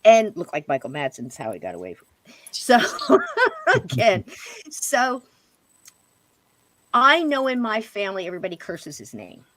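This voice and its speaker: A middle-aged woman tells a personal story in relaxed, animated chat. Her voice sits at a middle pitch and leaps higher when she imitates others. The sound is close and dry, with no room around it. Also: unhurried, pauses often, no echo. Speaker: podcast guest. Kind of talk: casual storytelling.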